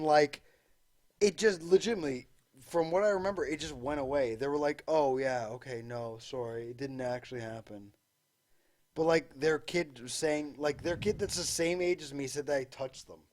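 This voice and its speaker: A man's voice: fairly high pitch, normal speed, a little mellow. A young man telling blunt, offhand stories from his childhood in casual podcast chat, joking and using fillers. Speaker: podcast co-host.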